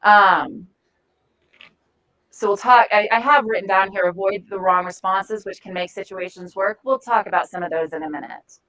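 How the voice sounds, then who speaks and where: A woman's voice: medium pitch, normal speed, fairly bright tone, rough recording. A woman giving a live training talk to a group in a room, conversational and often searching for words mid-sentence. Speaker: de-escalation trainer.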